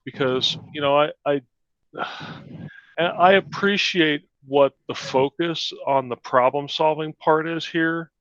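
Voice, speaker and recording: A man's voice: fairly high pitch, fairly bright tone, no room sound. A man making a comment at a meeting, stumbling over his words and repeating himself as he goes. His voice comes through a dull, muffled line with no room sound at all. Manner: halting, repeats words and restarts often. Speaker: meeting participant.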